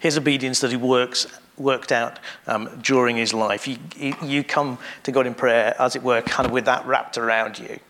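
A man preaching to his congregation with a gravelly, creaky edge to his voice. He speaks in a measured way, pausing often and going back over his phrases. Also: medium pitch, steady tone, a bit bright, slight background noise. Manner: measured, with pauses and restarts. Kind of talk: sermon.

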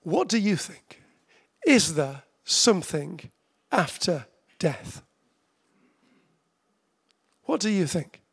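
Gravelly, high-voiced preacher. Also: male voice, big pitch swings. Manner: conversational, with slow emphatic repetitions. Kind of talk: sermon.

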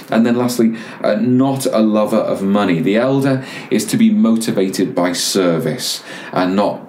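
Low-voiced pastor preaching. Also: male voice, darkish tone, reverberant, slight background noise. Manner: measured preaching with pauses and repeated words. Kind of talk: sermon.

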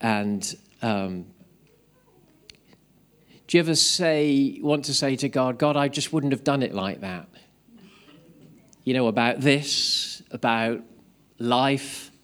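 Male pastor, mid pitch, casual sermon with scripture reading. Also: slow pace, long pauses, fairly bright tone, clear, resonant tone. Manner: casual preaching, reads scripture aloud. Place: church.

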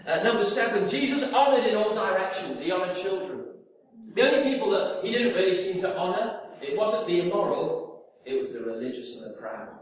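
A man preaching a sermon, telling stories with lively acted-out voices. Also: sits high, brisk, a little hiss or hum. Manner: animated storytelling, acts out voices in anecdotes. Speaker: pastor. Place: church hall. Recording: echoey hall from far off.

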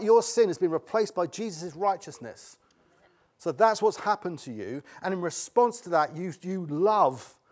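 A man's voice: a little high, darkish tone. A middle-aged man preaching a sermon, emphatic and repeating key words for stress.

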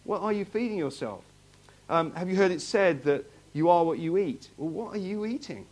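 Conversational pastor preaching to a congregation. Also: male voice, high-pitched, animated, moderate pace. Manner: conversational, repeats himself, asks the congregation questions. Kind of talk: sermon. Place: church hall, in front of a congregation.

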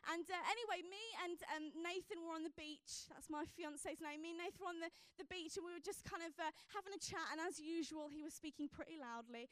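A woman's voice: very high voice, a little fast, hardly any pauses, fairly bright tone, no room sound, studio quality. A young woman giving a chatty personal testimony from a church stage as a youth evangelist, with lots of fillers as she tells her story.

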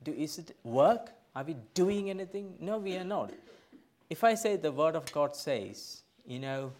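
A middle-aged man, a pastor, preaching a sermon in a church, emphatic, swinging from loud bursts to quiet asides. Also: a little high, animated, measured pace. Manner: emphatic, rising to loud bursts then dropping soft.

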